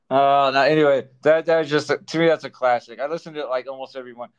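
A man's voice: mid-range voice, brisk, clear, resonant tone, highs cut off. A young man co-hosting a podcast, chatting casually and laughing often. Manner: laughs often, animated storytelling. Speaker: podcast co-host. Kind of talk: casual chat.

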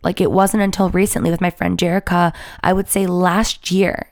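Heard first is a low-pitched voice with lots of vocal fry, from a young woman in her twenties. She speaks to her viewers as a YouTuber, confessional and rambling, and her words sound close and dry with no room around them. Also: level tone, moderate pace, no room sound. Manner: rambling, confessional, heavy with "like" and restarts. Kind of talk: candid personal storytelling to viewers.

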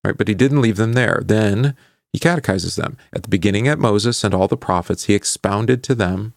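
A man leads a Bible study lesson with a low, gravelly voice. He talks in a conversational, questioning way, tagging his points with "right?" and stumbling over fillers as he recalls verses. The sound is dry and close, with no room around it. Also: no room sound. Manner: halting, with many fillers while recalling verses. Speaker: pastor teaching a Bible class.

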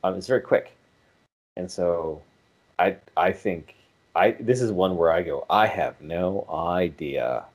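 A man's voice: deep voice, a little slow, long pauses, darkish tone. A man co-hosting a podcast in casual chat, rambling with many restarts and self-corrections. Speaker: podcast co-host.

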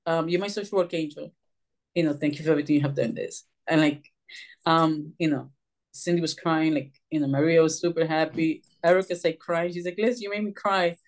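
A woman's voice: deep voice, steady tone, moderate pace, a little mellow. A woman social worker from Puerto Rico, telling her story as a podcast guest in a chatty way, full of "you know" and "um". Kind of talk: casual storytelling.

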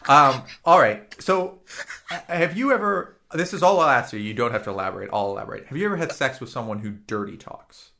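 A man's voice: medium pitch, expressive, a little fast, creaky, pushed and bright. A man co-hosting a crude casual podcast, telling a story with many fillers, mocking himself and laughing through it. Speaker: podcast co-host. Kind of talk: crude casual comedy chat.

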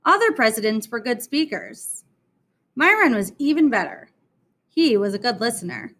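A woman reading a children's book aloud in an expressive, deliberate way. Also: fairly high pitch. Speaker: storyteller.

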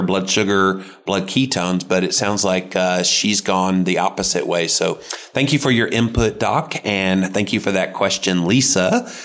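A man's voice: deep voice, fairly bright tone. A man hosting a podcast, reading out listener questions and joking with his co-host. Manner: reads listener questions aloud, jokey. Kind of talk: casual podcast chat.

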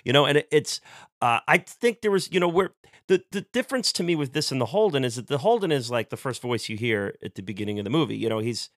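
Halting, rambling man in dry close sound. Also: medium pitch, lively intonation, no echo. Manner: rambling, halting, many restarts. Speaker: podcast co-host. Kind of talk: casual film discussion.

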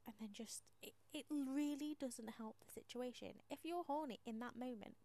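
This podcast host's voice sits high, and the recording has no room sound. She tells her story in a casual, chatty monologue, poking fun at herself, frequently half-whispering, and laughing and swearing along the way.

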